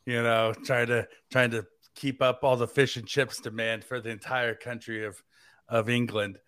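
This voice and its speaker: A man's voice: mid-range voice, little pitch movement, normal speed, pushed and bright, clear, resonant tone, no echo, studio quality. An American man hosting a casual sports podcast, rambling and joking, with lots of "like". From United States. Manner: rambling and jokey, heavy use of "like". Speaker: fill-in podcast host.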